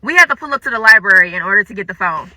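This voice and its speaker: Young woman doing a dramatic storytime, really bright sharp voice, super dry sound. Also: mid-range voice, rapid-fire, dry recording. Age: young adult. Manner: animated, dramatic, acts out quotes. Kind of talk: casual storytime.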